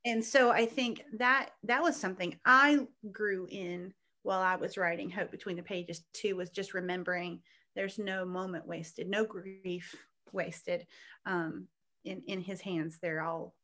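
A woman author, a guest on a podcast, speaking earnestly about faith and slowing down to stress her points. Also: on the low side, fairly even intonation, pushed and bright. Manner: earnest, faith-filled, slows for emphasis. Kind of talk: casual chat.

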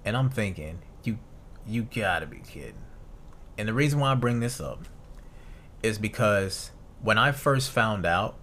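A man's voice: lowish voice, a bit bright, slight background noise. A man in his thirties hosting a solo podcast, reading notes aloud and musing casually, with fillers and restarts. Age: 30s. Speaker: podcast host.

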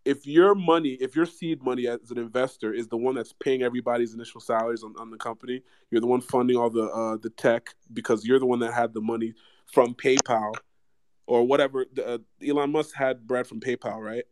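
A man co-hosting a casual podcast chat, telling stories in an animated, profane, joking way. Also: medium pitch, brisk, dry recording. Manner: animated, profane, jokey storytelling.

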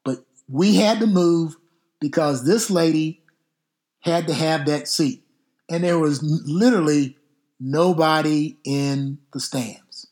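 A middle-aged man, a football coach hosting a podcast, telling stories casually in an unhurried, drawn-out way with some mild cursing. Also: a little high, darkish tone. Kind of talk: casual storytelling.

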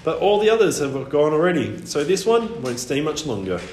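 A man voicing a grumpy old male albatross with a creaky, crotchety, condescending voice, pitched well above his own. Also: big pitch swings, normal speed, darkish tone. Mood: haughty. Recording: echoey room, faint hiss.

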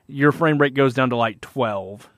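A man's voice: medium pitch, measured pace, fairly bright tone, no room sound, clean studio sound. A man hosting a casual gaming podcast, rambling with many fillers and restarts. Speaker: podcast host.

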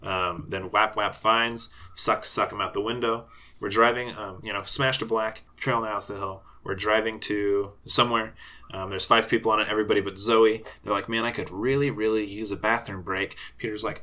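A man co-hosting a podcast, excitedly retelling a story idea and acting out lines of dialogue in a loose, casual chat. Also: on the low side, moderate pace. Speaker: podcast co-host.

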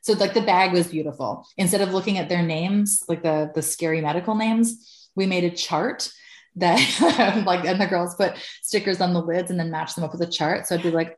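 A woman's voice: fairly low pitch, moderate pace, roomy sound. A woman in her thirties, a podcast guest, telling her own story candidly, swearing freely and laughing often.

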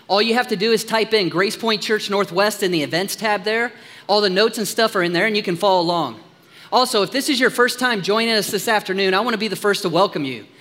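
High-voiced pastor preaching in a reverberant hall. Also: male voice. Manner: upbeat, joking with the congregation, hushed in prayer. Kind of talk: sermon. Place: church sanctuary.

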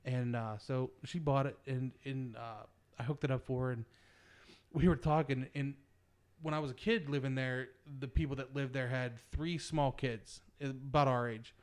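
A man's voice: mid-range voice, steady tone, moderate pace. Man, 30s, chatty storyteller in casual banter, laughs at own jokes. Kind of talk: casual chat.

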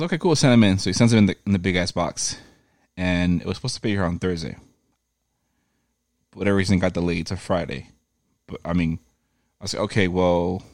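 A man with a low voice tells a rambling story in a loose, profane way and slips into voices for the people in it. The sound is dry and close. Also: no echo. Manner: profane, animated retelling with quoted voices. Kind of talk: casual storytelling chat.

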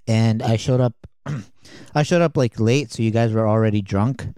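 A man's voice: on the low side, normal speed, warm tone, smooth, no room sound, clean studio sound. A man recounting a night out with friends in casual chat, full of "like" and "um" and chuckling. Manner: rambling with many fillers, laughs at his own story. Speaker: friend telling stories.

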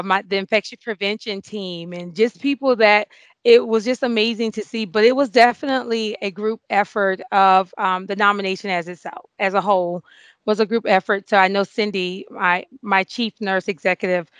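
A woman in her forties, a nurse being interviewed, telling an emotional story with many fillers and excited outbursts. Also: medium pitch, normal speed, smooth, no echo. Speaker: award-winning nurse guest.

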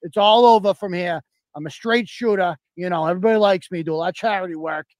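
A man's voice: high voice, fast, no echo, lightly acted. A man putting on a sleazy, scheming husband, leaving a rambling, sheepish confession on a voicemail. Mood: smarmy.

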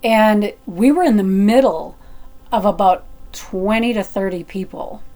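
A middle-aged woman telling a personal story in a chatty, animated way, with fillers and restarts. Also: mid-range voice, a little slow.

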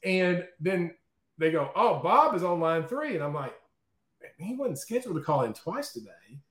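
A man guest in an interview, telling stories in a lively, chatty way and often checking in with "okay?" and "right?". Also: high-pitched, moderate pace, roomy sound. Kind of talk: casual storytelling in an interview.

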